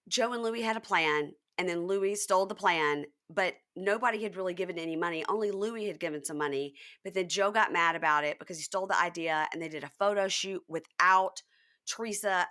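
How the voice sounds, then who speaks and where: Bright-voiced woman recapping TV gossip. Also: on the low side, brisk. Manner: animated recapping, acting out quotes. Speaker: podcast host. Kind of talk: casual chat.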